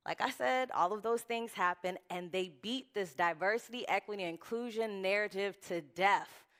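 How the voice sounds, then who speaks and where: A woman giving a chatty, lively conference talk from a stage. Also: mid-range voice, moderate pace. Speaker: conference speaker. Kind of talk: conference presentation.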